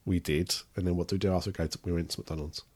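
A man's voice: low voice, steady tone, very fast, a little mellow, husky. A man, a parent casually questioning his child about a book, playful and teasing. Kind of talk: casual chat.

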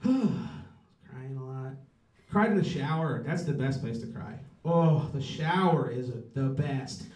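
A stand-up comedian in his thirties performs a set, rambling and profane, often trailing off and restarting while mocking himself. His medium-pitched voice has a darkish tone and lively intonation, and he takes it slowly. The mic sounds distant in a roomy space.

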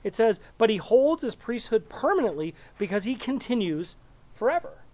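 A woman's voice: mid-range voice, mellow. A woman leading a small-group Bible study, reading verses aloud and explaining them in a loose, conversational way.

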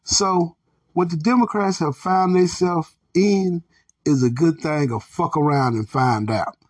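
A man's voice: on the high side, a little slow, breathy edge. An American man hosting a podcast, ranting bluntly with heavy profanity and calling his listeners family. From United States. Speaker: podcast host. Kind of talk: angry ranting commentary.

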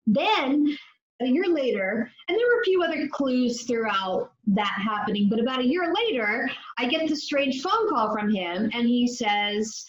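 A woman addiction clinician telling her story in an interview, animated and acting out the dialogue as she goes. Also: a little high, measured pace, reverberant, highs cut off. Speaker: addiction clinician and author, guest.

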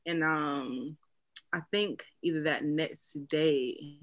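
A young woman chatting casually as a guest, relaxed and talkative, acting out quotes in a raised voice. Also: low voice, takes it slowly, no echo. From US East Coast. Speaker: brand founder and guest. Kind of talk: casual interview chat.

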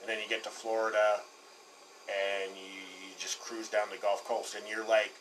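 A man's voice: fairly low pitch, little pitch movement, moderate pace, a bit bright. Man rambling through a casual road story. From Colorado, USA. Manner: rambling, laughs often, swears casually. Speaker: podcast co-host. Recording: distant mic, faint background noise.

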